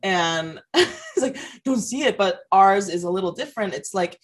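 A woman's voice: mid-range voice, moderate pace. A woman co-hosting a podcast in casual chat, a bartender who laughs often as she tells her stories. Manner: laughs often while telling animated stories. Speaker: podcast co-host.

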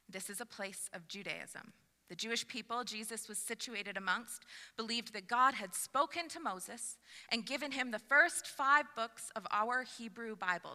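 A woman pastor giving a sermon to her congregation, building from calm reflection to lively, emphatic delivery. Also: mid-range voice, long reverb tail. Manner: expressive, rising to animated emphasis. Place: church sanctuary.

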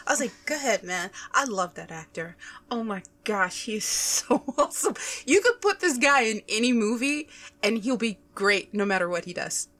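A woman's voice: a little high, normal speed. A woman co-hosting a podcast, chatting casually and acting out her own reactions as she tells stories. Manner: excitable, animated storytelling, acts out her own reactions. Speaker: podcast co-host. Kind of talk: casual chat.

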